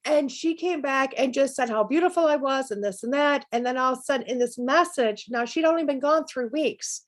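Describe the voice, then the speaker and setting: Woman, middle-aged, interview guest, anecdotal, lively storytelling, high-ish voice. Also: a little fast. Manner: lively anecdotal telling with laughs. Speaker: psychic medium guest.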